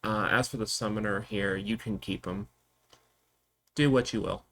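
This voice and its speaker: A man's voice: fairly low pitch, fairly even intonation, moderate pace, a bit bright. A man voicing a flamboyant vampire's letter in an airy, teasing way. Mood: breezy.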